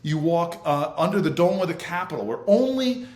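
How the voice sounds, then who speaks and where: A man, a senator and interview guest, telling a lively anecdote with laughter and vivid scene-setting. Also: a little high, brisk, reverberant. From United States. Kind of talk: animated anecdotal storytelling.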